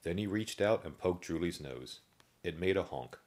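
Man, storyteller, children's story reading, very deep voice, steady amused narration. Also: normal speed.

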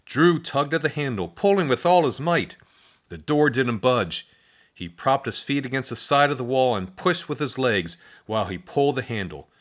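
A man narrating a children's storybook in an expressive, playful read-aloud style with spoken sound effects. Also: medium pitch, normal speed.

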